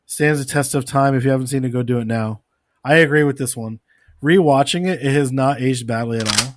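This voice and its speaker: A man's voice: mid-range voice, fairly quick, slight background noise. A man co-hosting a casual podcast, dry and matter-of-fact. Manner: dry, matter-of-fact, reads reviews aloud. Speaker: podcast co-host.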